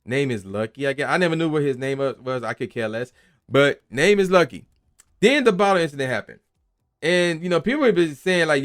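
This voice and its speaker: A man's voice: on the high side, brisk. A young man hosting a gaming channel, ranting emphatically in casual slangy talk and sometimes acting out the people he quotes. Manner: animated, emphatic, acts out quoted voices, slangy. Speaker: gaming commentary channel host. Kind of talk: casual opinion rant.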